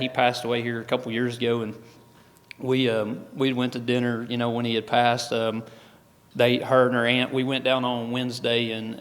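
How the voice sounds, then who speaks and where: The recording carries the long reverb of a large event hall, where a male guest speaker offers a folksy personal testimony with many restarts. His voice is medium in pitch and fairly bright in tone.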